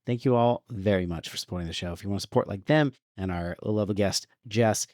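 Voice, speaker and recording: A man's voice: lowish voice, fast talker, few pauses, a little mellow, no echo, studio quality. A man co-hosting a casual movie podcast, joking around and reading out plugs and patron names. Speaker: podcast co-host.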